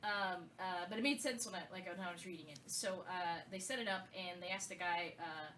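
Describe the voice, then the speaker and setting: Bright-voiced woman telling a rambling story. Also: on the low side, fairly quick, distant mic, a little hiss or hum. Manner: rambling storyteller, many fillers. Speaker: podcast co-host. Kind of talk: casual podcast chat.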